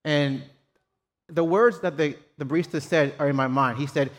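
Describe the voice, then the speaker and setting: A man's voice: fairly high pitch, moderate pace. A man preaching a sermon, telling a personal story in a casual, self-deprecating way. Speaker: pastor. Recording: long hall reverb.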